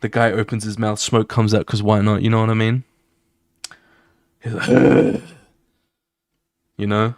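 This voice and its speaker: A young man streaming while he draws, casually talking through his comic's scenes in an excited, swear-filled way and acting them out with sound effects. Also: fairly low pitch, normal speed, long pauses, no echo, clean studio sound. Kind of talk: casual live-stream chat while drawing.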